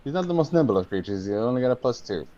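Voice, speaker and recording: A man running a tabletop game as game master, calling for rolls and narrating scenes in a slow, descriptive way. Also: medium pitch, big pitch swings, dark tone. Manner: deliberate, descriptive storytelling. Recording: muffled lo-fi audio.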